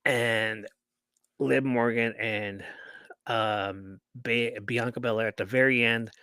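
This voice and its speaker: A man hosting a podcast who recaps a wrestling match like a lively story. He acts out what others said and swears casually, at an easy, unhurried pace. The sound is dry and close. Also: medium pitch, smooth, dry recording. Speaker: podcast host.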